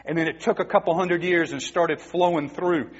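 A man's voice: on the high side, fairly even intonation, normal speed, husky. A man preaching a sermon, emphatic and asking the congregation rhetorical questions. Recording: dull, muffled recording in a reverberant hall.

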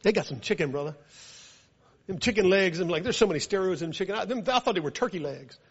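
A man with a Southern US accent, preaching a sermon that turns into a lively story, speaking quietly at times and loudly at others. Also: high-pitched, fast talker, breathy edge. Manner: animated, builds from quiet to loud when telling a story. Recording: dull lo-fi recording.

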